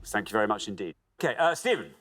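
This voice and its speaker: A man's voice: fairly low pitch, very animated, racing, fairly bright tone. A man hosting a TV quiz show, reading clues and teasing contestants in a playful way. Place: TV studio.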